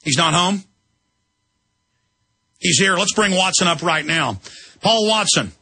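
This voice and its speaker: A man's voice: sits high, expressive, measured pace, bright, forceful tone, breathy edge, no echo. A man hosting a talk radio show, speaking emphatically and in an agitated, rambling way. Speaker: radio host.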